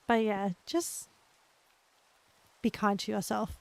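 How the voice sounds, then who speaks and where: A young woman with an Australian accent, chatting gently and encouragingly with her live viewers as a streamer, laughing often. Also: medium pitch, vocal fry. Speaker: livestreamer. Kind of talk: casual chat with live viewers.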